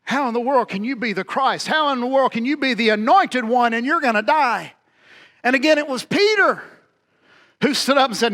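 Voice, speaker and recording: Male pastor, very high voice, dramatic sermon delivery that swings from loud bursts to near-hush. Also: moderate pace. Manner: dramatic preaching, acting out quoted dialogue with swings in loudness.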